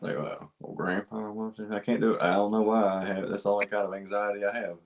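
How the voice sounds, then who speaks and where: A man's voice: on the low side, flat delivery, fast, slight background noise. A man in casual, joking chat as co-host, self-mocking and swearing freely. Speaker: comedian co-host.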